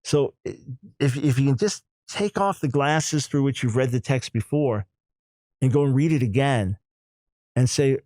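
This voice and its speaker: A man in his sixties hosting a radio talk show, talking emphatically and in quick, animated bursts. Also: mid-range voice, dry recording.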